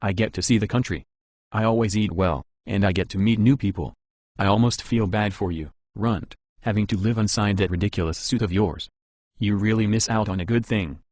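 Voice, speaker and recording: A man's voice: a little fast, darkish tone, dry recording, clean studio sound, close to an everyday voice. A man doing a brash, boastful giant warrior. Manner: booming, boastful.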